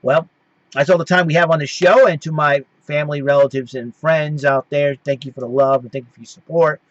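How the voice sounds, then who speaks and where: A man's voice: a little high, steady tone, brisk, no room sound. Rambling man with a dull, dry sound. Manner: rambling, with frequent restarts. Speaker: host. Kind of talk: casual recap.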